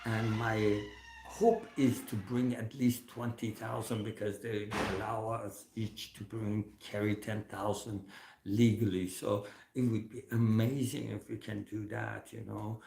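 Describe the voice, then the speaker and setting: Slow, earnest man preaching in echoey room. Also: fairly low pitch, little pitch movement, creaky, darkish tone, a little hiss or hum. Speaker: minister. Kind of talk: preaching testimony to an online audience.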